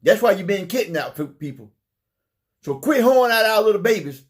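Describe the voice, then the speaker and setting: A man's voice: sits high, expressive, normal speed. A man delivering an impassioned preaching monologue, fervent, often repeating phrases and stumbling over his words. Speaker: religious speaker.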